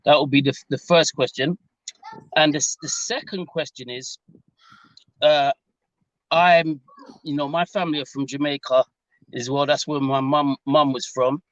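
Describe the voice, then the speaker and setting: A man's voice: fairly high pitch, fairly even intonation, normal speed, long pauses, a bit bright, no echo, lo-fi sound. A man with a London English accent, calling in politely with many hesitations and restarts. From England. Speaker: caller. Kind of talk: casual call-in conversation.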